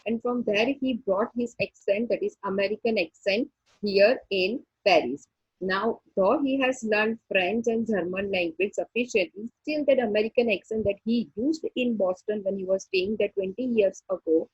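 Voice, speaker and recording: A woman, teaching a story and explaining each line slowly, repeating points and checking with "okay". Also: on the high side, slightly rough, no room sound, dull audio. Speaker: English teacher. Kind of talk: classroom lesson explaining a story.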